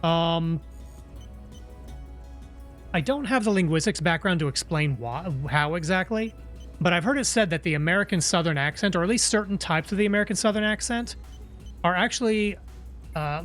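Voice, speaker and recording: A man streams a video game and talks it through in a chatty, musing way. His voice sits a little higher than most men's. Soft game music plays under him. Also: lively intonation, normal speed. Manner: chatty, musing, playful asides. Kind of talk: live gameplay commentary.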